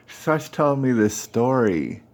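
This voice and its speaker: A man's voice: mid-range voice, big pitch swings, slow pace, a little mellow. A man, the host, telling a personal story in a casual, slangy way and acting out the dialogue. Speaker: podcast host.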